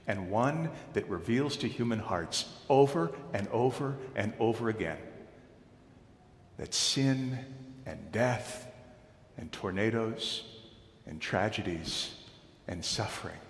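A man's voice: lowish voice, expressive, slow, long pauses. Man preaching in a reverberant church. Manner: dramatic storytelling, building to loud proclamations. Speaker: pastor. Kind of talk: sermon. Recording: echoey hall.

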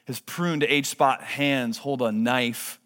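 A man in his thirties preaching a sermon in a church, earnest, moving between hushed and emphatic delivery. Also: mid-range voice, steady tone, takes it slowly. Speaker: pastor. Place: church sanctuary. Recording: long hall reverb.

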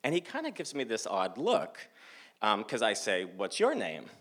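A Massachusetts man in his forties tells a self-mocking story live on a theater stage, animated and acting out the dialogue. His voice is lowish and moves at a normal speed.

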